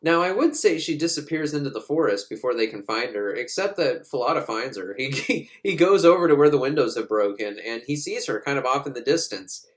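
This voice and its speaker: A man in the middle of his pitch range tells a movie's plot with sarcastic, profane humor. He hops into quick voices for the characters as he goes. The delivery is a casual comedic recap. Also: animated.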